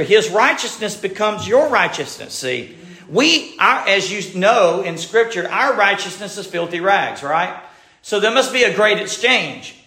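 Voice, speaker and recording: Man, pastor, sermon, emphatic preaching, slightly high voice, echoey room. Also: pushed and bright. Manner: preaching with rising emphatic passages.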